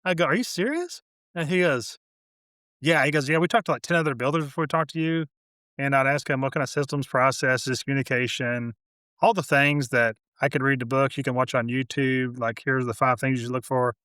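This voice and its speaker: A man who builds homes, a guest in a casual interview, telling animated stories full of quoted dialogue. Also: mid-range voice, brisk, clear, resonant tone, no room sound, clean studio sound. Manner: animated storyteller, quoting others.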